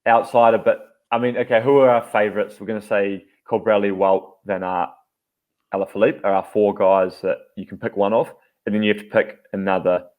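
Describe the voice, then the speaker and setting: A man's voice: lowish voice, steady tone, fairly quick, phone-quality sound. A man co-hosting a casual podcast, chatty and steering the conversation. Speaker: podcast co-host. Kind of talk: casual chat.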